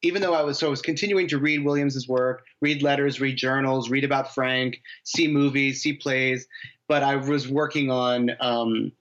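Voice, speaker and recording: A man's voice: mid-range voice, steady tone, normal speed, a bit bright, highs cut off. A man, a novelist from the United States, answering interview questions in a rambling way, with many restarts and fillers. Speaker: novelist guest.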